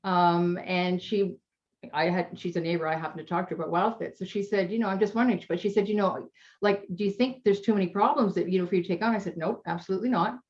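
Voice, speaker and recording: A woman's voice: lowish voice, steady tone, quick pace, darkish tone. Chatty woman coach on a dull video call. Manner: chatty, emotional, gets teary. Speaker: health coach. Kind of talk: interview storytelling.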